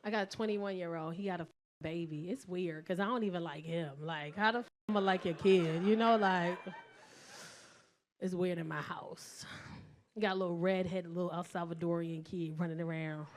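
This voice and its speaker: A woman in her forties with a New York accent, doing a stand-up routine, animated and profane, often jumping into shouts. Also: on the low side, normal speed. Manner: loud, animated, swings to shouting; profane, slangy. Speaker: stand-up comedian.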